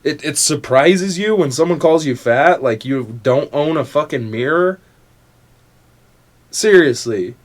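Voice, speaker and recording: A man's voice: a little high, expressive, a little slow. A young adult man hosting a casual motivational podcast who talks in a blunt, profane rant. He mocks the people he complains about and keeps up a confrontational edge throughout. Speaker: podcast host.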